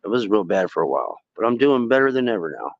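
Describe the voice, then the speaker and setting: A man hosting a fishing livestream, telling stories in a casual, rambling way, swearing freely and putting on high voices when he quotes people. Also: sing-song, quick pace, creaky, dry recording, lo-fi sound.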